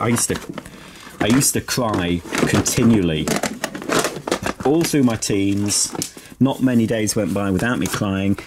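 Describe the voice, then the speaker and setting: A man's voice: lowish voice, unhurried, noisy background. A middle-aged man, chatting in a sentimental, self-mocking way as he sorts through old belongings at home. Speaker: vlogger. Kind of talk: casual chat while sorting belongings. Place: home, indoors.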